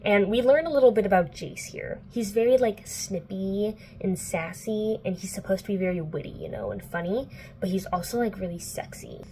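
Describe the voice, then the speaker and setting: A young woman book vlogger recapping a plot, chatty and playful with lots of filler words and casual swearing. Her voice is mid-pitched, recorded indoors at home with a faint hiss behind it. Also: lively intonation, moderate pace, mellow.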